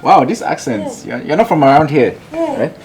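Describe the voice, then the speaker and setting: An actor playing a greedy hospital doctor with a Nigerian accent who talks smoothly. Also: mid-range voice, huge pitch swings, normal speed, a crowd in the background. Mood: wheedling.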